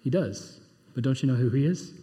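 A pastor preaching a sermon, swinging between loud, emphatic bursts and low, quiet asides. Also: male voice, animated, fairly quick, long reverb tail.

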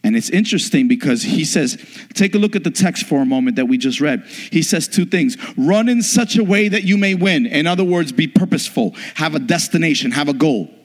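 A man's voice: on the high side, animated, fairly quick. A man preaching a sermon as pastor, emphatic, with frequent rhetorical questions to the congregation. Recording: long hall reverb.

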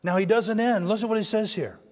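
A man's voice: high-pitched, fairly even intonation, quick pace, a little mellow, big-room sound. A man preaching a sermon as pastor, building emphasis and asking the church call-and-response questions.

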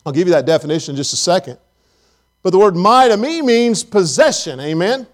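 A man's voice: high voice, sing-song, brisk. A man preaching a sermon in church, telling folksy stories and asking the congregation questions. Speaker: pastor.

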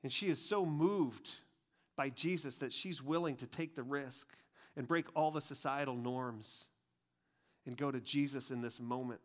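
A man preaching a conversational sermon, chatty and full of asides, dropping to a hushed, grave tone for serious points. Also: mid-range voice, measured pace. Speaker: pastor.

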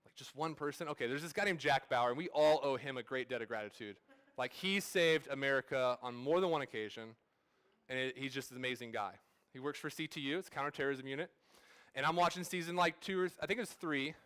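Casual pastor preaching a sermon. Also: male voice, medium pitch, quick pace, fairly bright tone, clean tone. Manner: casual storytelling with fillers and restarts. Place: church service.

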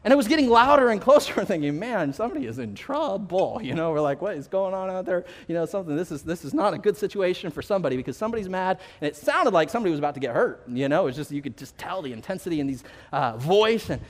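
High-voiced preacher in a reverberant hall. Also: male voice, expressive. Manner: storytelling, building to emphatic slow proclamations. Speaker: pastor. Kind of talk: sermon with a personal story.

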